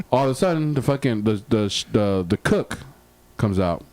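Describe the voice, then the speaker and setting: A man co-hosting a podcast, telling a long, rambling bar story full of swearing in a casual, animated way. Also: on the low side, normal speed, no echo. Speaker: podcast co-host.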